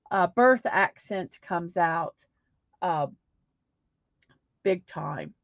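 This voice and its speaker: A woman's voice: mid-range voice, no echo. Middle-aged female streamer, chatty and meandering, dry slightly muffled home mic. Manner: rambling, many fillers and restarts. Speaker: livestream host. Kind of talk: casual chat reading viewer comments.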